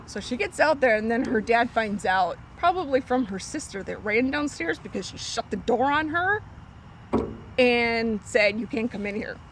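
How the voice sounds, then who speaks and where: A woman telling a story from her cleaning job in casual talk, acting out a little girl's lines in a high voice. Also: a little slow, rough recording. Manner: animated, acts out a child's lines in a high voice. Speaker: storyteller guest on a vlog. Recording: faint street noise.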